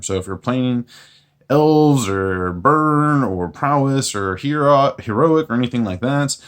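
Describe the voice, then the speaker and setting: Low-voiced man explaining a card deck. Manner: relaxed, plain-spoken, self-mocking jokes. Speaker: channel host reviewing a card game deck. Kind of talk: casual deck walkthrough.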